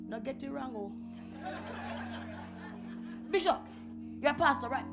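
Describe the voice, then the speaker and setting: A woman with a Jamaican accent preaching a revival sermon in church, dramatic and call-and-response, building to shouts. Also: sits high, big pitch swings, normal speed, long pauses. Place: church sanctuary. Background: organ or keyboard music.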